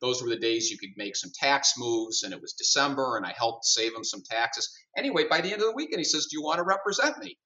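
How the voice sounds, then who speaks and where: A man's voice: mid-range voice, quick pace, few pauses, recorded from a distance, highs cut off. A middle-aged man who runs a company, a podcast guest telling a story and acting out the dialogue in it. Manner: animated storyteller, acts out dialogue.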